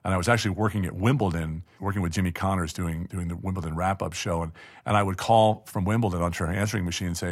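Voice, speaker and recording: A man's voice: sits low, fast talker. A middle-aged man telling a long personal story in a casual interview, chatty and self-deprecating, with frequent restarts and laughs.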